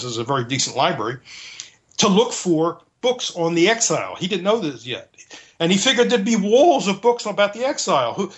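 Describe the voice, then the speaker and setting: Man, slightly high voice, earnest explainer, restates his points, conversational interview guest. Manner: earnest, restates points while searching for words.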